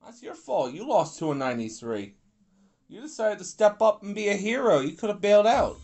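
A man's voice: sits high, big pitch swings, a little fast, a little mellow. A young man giving grumpy, rambling commentary while playing an online pool game, swearing and complaining at his opponents. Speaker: gaming YouTuber. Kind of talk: casual gameplay commentary.

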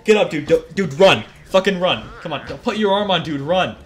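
A young man giving excitable, profane commentary over his gameplay, often yelling at the game. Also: sits high, a little fast. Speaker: gaming video creator. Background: game music.

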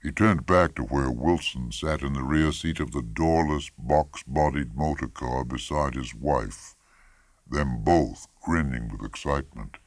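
A man narrating a literary short story in a measured, expressive audiobook reading, close to the mic. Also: extremely low pitch, no echo. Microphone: close studio mic.

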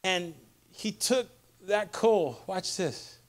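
A pastor preaching a sermon to a church congregation, with impassioned, repetitive call-and-response lines that build to shouted peaks. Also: male voice, sits high, expressive, takes it slowly. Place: church service before a congregation.

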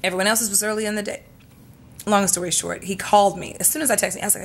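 Woman, young adult, vlogger, casual storytime, animated, profane. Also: mid-range voice, quick pace, a little hiss or hum.

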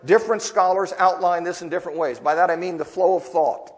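A man with a high voice preaches briskly in a church with a big-room sound. Teaching a Bible class, he reads a story aloud and then talks through it in a loose, conversational manner.

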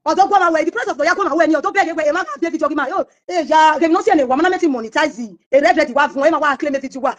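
Fast, high-voiced Nigerian woman storyteller. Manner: acts out quoted voices of others while telling stories. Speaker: singer being interviewed. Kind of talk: animated storytelling interview.

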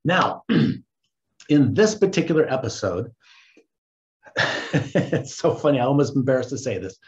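Animated man recapping with laughter. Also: mid-range voice. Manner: animated, laughs often while retelling. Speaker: host. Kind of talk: casual episode recap. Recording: dull lo-fi recording.

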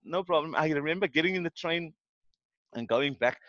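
A man's voice: a little high, moderate pace, dry recording, dull audio. A man from Cape Town with a South African accent, a podcast guest telling a story in a casual way and acting out what people said. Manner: animated, acts out what people said.

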